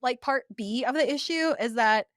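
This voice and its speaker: A woman's voice: fairly high pitch, moderate pace, no room sound, studio quality. A young woman co-hosting a podcast, telling stories in casual chat and laughing often. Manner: laughs often, animated storytelling. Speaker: podcast co-host.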